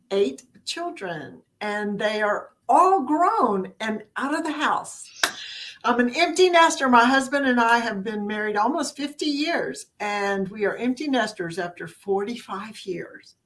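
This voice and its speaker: An older woman with a Southern American accent, chatting as a guest on a video-call podcast in a folksy, expressive way. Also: on the high side. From Southern United States. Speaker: guest, author and speaker. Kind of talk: casual podcast chat.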